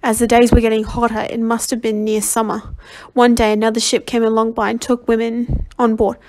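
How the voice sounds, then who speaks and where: A woman reads a novel aloud as a volunteer, her voice sitting a little high for a woman. She is slightly under the weather, and she often stumbles and goes back to fix a word. It is a plain amateur reading. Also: flat delivery, darkish tone, a little hiss or hum. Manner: halting reading with frequent self-corrections. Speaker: volunteer audiobook reader.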